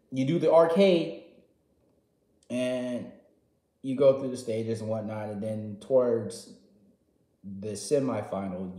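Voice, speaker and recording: Excitable slangy man in a roomy space. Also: on the low side. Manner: excitable, swings from loud outbursts to quiet asides, slangy. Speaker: gaming vlogger. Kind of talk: casual storytelling recap. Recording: roomy echo.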